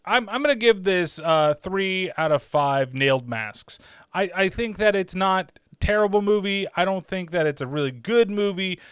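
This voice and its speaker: Casual male film reviewer, rambling and foul-mouthed, a slightly high voice, smooth and crisp, dry close sound. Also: fairly bright tone, dry recording. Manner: rambling, profane, full of fillers like "like" and "uh". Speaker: horror movie reviewer, channel host.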